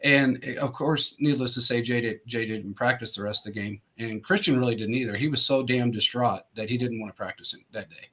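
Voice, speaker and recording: A man's voice: medium pitch, brisk, few pauses, sharp tone. A man hosting a show, telling long rambling anecdotes in casual chat, full of restarts and fillers. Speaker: show host.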